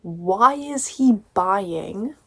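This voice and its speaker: A young woman talks through a book review vlog in a casual, ranting manner. She sounds exasperated and sarcastic, swears freely, and her voice sits at an ordinary middle pitch. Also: expressive, drawn-out words, pushed and bright, slightly rough.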